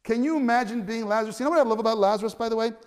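A man with a high, light voice preaches a sermon in a reverberant church hall. He speaks in a lively, conversational way, stumbling over restarts and rising to loud cries at the climaxes. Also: racing. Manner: stammering restarts, conversational asides. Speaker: pastor.

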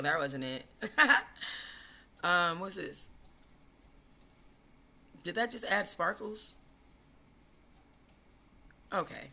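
A woman hosting a gossip live stream, talking casually and animatedly, swinging between loud gushing and low asides. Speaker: gossip channel host.

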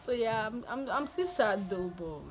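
A woman's voice: a little high, animated, moderate pace, noisy background. A young woman chatting to her viewers in a casual vlog from home, laughing often and restarting her sentences. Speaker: vlogger.

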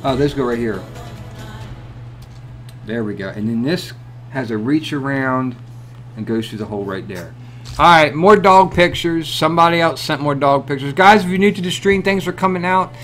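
A man hosting a casual live stream, greeting viewers by name and reacting loudly and profanely to pictures they send, often laughing. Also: mid-range voice, animated, normal speed, soft background music. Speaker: livestream host.

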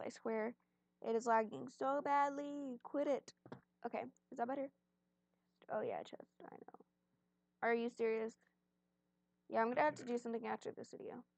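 A woman's voice: on the high side, no room sound. Chatty young woman gaming at home. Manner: chatty, rambling, self-deprecating, often chewing. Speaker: gaming channel host. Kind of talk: casual gameplay commentary. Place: at home, on a bed.

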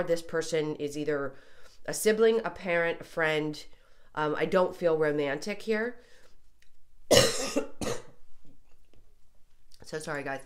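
A woman tarot reader talking casually through a reading, congested and getting over being sick, chatty with apologetic asides. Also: low voice. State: congested, recovering from illness.

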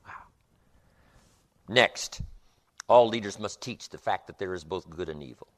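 A man's voice: low-pitched, measured pace. A man giving a motivational speech, emphatic, with rhythmic repetition. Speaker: motivational speaker.

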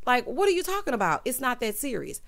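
A woman's voice: on the high side, wildly swooping pitch, fast, creaky, a bit bright. Sassy woman recapping reality TV. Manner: sassy, talks straight to viewers, calls them honey and child. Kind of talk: casual recap commentary.

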